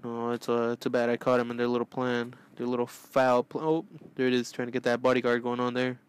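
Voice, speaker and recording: Male host, goofy let's play commentator, excitable, prone to yelling, mid-pitched voice. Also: a little fast, clean tone. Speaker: gaming channel host.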